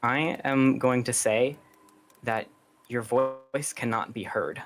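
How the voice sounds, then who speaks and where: A man as game master, explaining rules and narrating in a halting, explanatory way. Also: medium pitch, a bit bright.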